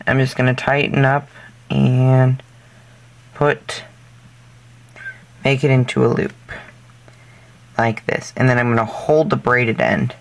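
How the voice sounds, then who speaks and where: Here a craft tutorial host with an ordinary-pitched voice guides viewers through a project in a relaxed, step-by-step way. He wanders off track, fixes his sentences halfway and relies on fillers. Occasional silly, self-mocking asides pop up.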